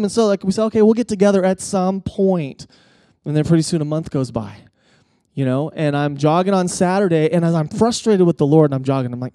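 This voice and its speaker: Pastor guy preaching, fairly high voice, mellow tone, chatty and stumbly, gets fired up telling stories. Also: fairly quick, no echo, clean studio sound. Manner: conversational with frequent restarts and stammers; animated storytelling, rising intensity at key points. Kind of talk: sermon.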